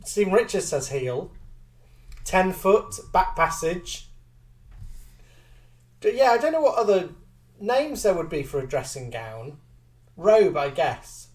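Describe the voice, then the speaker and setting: Animated guy reading viewer comments, bit off mic. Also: high-pitched, recorded from a distance. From Liverpool. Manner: chatty, animated, quick to laugh. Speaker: co-host of a live chat show.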